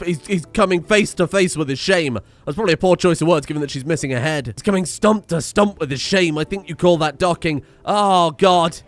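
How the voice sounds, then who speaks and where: A British man giving excitable, sweary commentary while playing a video game, swinging between loud outbursts and low muttering. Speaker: let's play host. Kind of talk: gameplay commentary.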